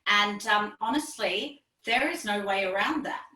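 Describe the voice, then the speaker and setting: A woman's voice: mid-range voice, a little slow, sharp tone, roomy sound, far from the mic, low-quality recording. A woman vocal coach explaining technique in a conversational interview, with many fillers and frequent laughs.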